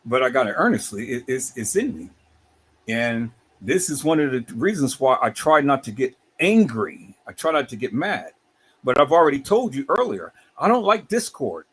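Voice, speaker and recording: A middle-aged man hosting a livestream, talking in an animated, preachy way with many repeated words. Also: medium pitch, normal speed, breathy edge. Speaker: livestream host.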